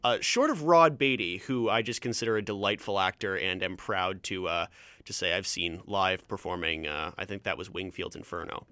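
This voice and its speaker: A man's voice: sits low, brisk, gravelly, pushed and bright, no room sound, clean studio sound. A Canadian man from Ontario hosting a solo podcast, rambling through tangents with frequent restarts and a slight stammer. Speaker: podcast host. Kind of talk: casual solo podcast chat.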